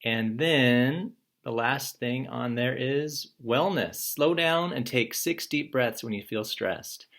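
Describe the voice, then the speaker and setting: Relaxed man giving a morning class message. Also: medium pitch, takes it slowly. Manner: relaxed, encouraging, explains step by step. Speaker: teacher. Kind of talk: recorded morning message to students.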